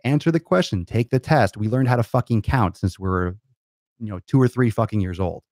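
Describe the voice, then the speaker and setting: A fitness coach hosting his own show delivers a blunt, profane, fired-up rant straight to camera, lecturing his viewers. His voice is on the low side, darkish and a little fast, captured in clean studio sound with no room ambience.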